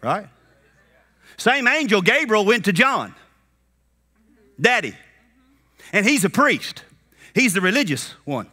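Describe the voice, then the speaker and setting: A man preaching a sermon at a conference, animated and shouting at peaks, slipping into character voices for retold scenes. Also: high-pitched, takes it slowly, pauses often. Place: conference hall.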